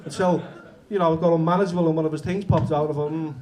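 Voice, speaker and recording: A frank, self-mocking Englishman chats and reads aloud at a bookshop event. His voice sits a little high for a man but sounds dark and mellow, and he talks casually with plenty of fillers. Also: fairly even intonation, rapid-fire. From England. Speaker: author at a book event. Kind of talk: candid storytelling and reading aloud.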